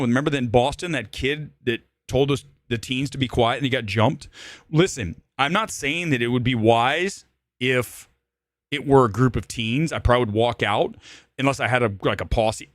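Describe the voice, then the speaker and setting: An animated man hosting a live movie talk stream, ranting profanely as he tells a story. His pitch swings widely and leaps high whenever he gets heated. The sound is close and dry, with no room around it. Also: no room sound. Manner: jumps into high shouts when worked up. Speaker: host.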